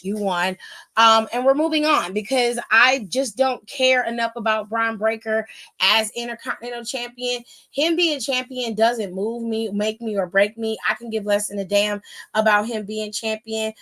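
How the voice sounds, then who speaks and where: A woman's voice: fairly high pitch, a bit bright. A young woman hosting a casual live-streamed wrestling recap, talking bluntly and with plenty of cursing. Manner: blunt, profane, dismissive. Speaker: wrestling aftershow host.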